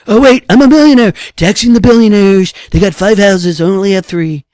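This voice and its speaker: A whiny, smug millionaire who squeals his complaints in a high, loud voice, as a man mocks him. The sound is dry and close, with no room around it. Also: a little fast, no echo, lightly acted. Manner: mocking, high-pitched and loud. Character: whiny smug middle-aged male millionaire.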